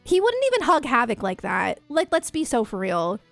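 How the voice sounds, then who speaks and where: Young female streamer, bright-leaning pitch, rambling fangirl chat, faint music behind. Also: wildly swooping pitch, moderate pace, gravelly, dry recording. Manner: gushing fan talk, full of "like" and "um". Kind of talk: casual livestream chat.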